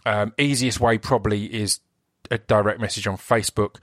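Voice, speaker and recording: Excitable Essex man hosting a podcast. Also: fairly low pitch, normal speed, dry recording, clean studio sound. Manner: enthusiastic, rambling, self-interrupting. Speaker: podcast host and actor. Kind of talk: solo podcast intro.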